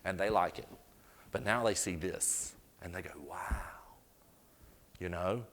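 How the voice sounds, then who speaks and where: A man's voice: deep voice, moderate pace, fairly bright tone, big-room sound. A man from North Carolina with a Southern accent, presenting a floral design demonstration in a chatty, storytelling way with folksy asides. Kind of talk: live demonstration talk. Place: event hall before an audience.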